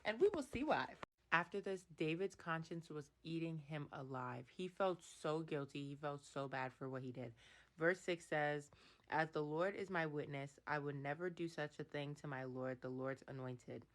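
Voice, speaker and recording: A woman's voice: low voice, normal speed. A woman vlogger giving casual Bible commentary, reading verses aloud and reacting expressively to the story.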